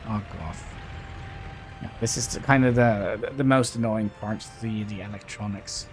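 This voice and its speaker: Low-voiced man thinking aloud over a game. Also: measured pace, gravelly, faint music behind. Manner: thinking aloud, hesitant, self-correcting. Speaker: livestreamer playing a city-building game. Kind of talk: casual gameplay commentary.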